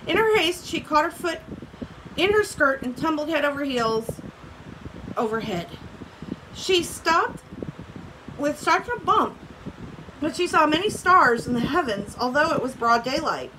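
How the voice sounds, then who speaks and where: Teacher reading aloud with asides. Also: female voice, high voice, expressive, measured pace, long pauses, noisy background. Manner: breaks off to comment casually and laugh. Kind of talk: reading a story aloud to a class.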